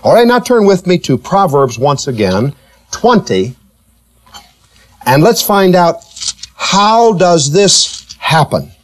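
A man preaching a sermon, teasing and questioning his listeners, with slow, emphatic delivery that rises and falls. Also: sits high. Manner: animated, teasing, asks the congregation questions.

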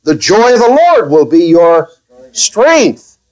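Lively high-voiced male pastor preaching. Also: slow, rough recording. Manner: careful, conversational preaching with restarts; wry, gently sarcastic asides. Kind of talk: sermon.

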